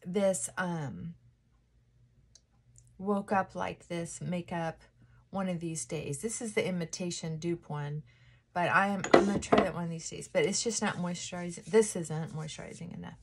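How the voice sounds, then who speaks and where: A lifestyle vlogger with a lowish voice talks over a noisy background. She's at home doing her makeup in a casual get-ready-with-me chat, rambling and cutting herself off with frequent laughs and sighs.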